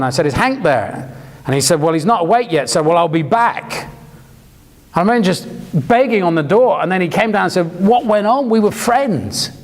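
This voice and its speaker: A man's voice: high-pitched, in a large hall. A man preaching a sermon, telling stories animatedly and acting out the lines he quotes.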